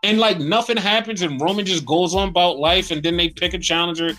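A man's voice: sits high, a little fast, bright, forceful tone, faint music behind. A man co-hosting a podcast, chatting casually and animatedly about wrestling, swearing often and acting out rants. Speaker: podcast co-host.

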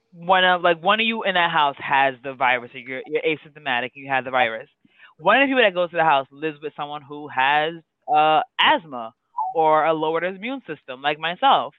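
Podcast co-host, man, higher voice, rambling casual talker, dry and phone-thin audio. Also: no room sound. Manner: rambling, filler-heavy, breaks into sung lines. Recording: tinny phone-like sound.

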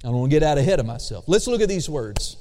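A very animated man with a warm, rather high voice preaches as pastor in a church sanctuary. He draws out key words with slow emphasis and calls for responses. Long church reverb fills the space.

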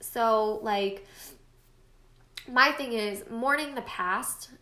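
Casual podcaster, woman in her late twenties, stuffy-nosed, somewhat high voice, roomy echo. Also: extremely slow, pushed and bright. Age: late 20s. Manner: chatty, self-deprecating, encouraging. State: stuffy nose. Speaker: podcast host. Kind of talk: casual solo podcast monologue.

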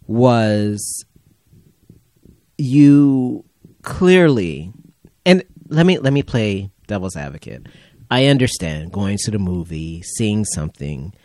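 Male podcast host, low voice that swings widely, dry exasperated chat, very dry room. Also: animated, takes it slowly, long pauses, a little mellow, no echo. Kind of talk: casual chat.

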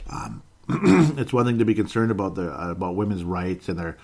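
A man's voice: deep voice, a little fast, darkish tone. A man hosting a podcast, delivering a rambling, heated political commentary monologue full of fillers and restarts. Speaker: podcast host.

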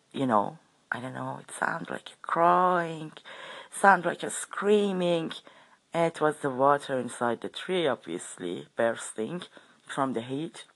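A woman's voice: deep voice, fairly bright tone. A woman telling a personal story in a casual way, hesitant, with fillers and self-corrections.

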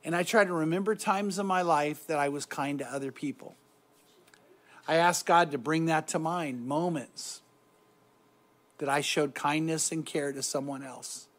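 A middle-aged man giving a reflective devotional talk on meditation, soft-spoken and often trailing off quietly. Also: a little high, fairly even intonation, moderate pace. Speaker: Christian speaker guiding meditation.

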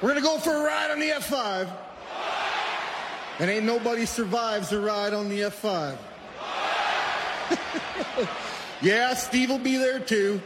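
Boastful man shouting over a roaring crowd. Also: very high-pitched, lively intonation, moderate pace. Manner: shouting, boastful, laughing between lines. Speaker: wrestler in a played clip. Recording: noisy arena clip with loud crowd.

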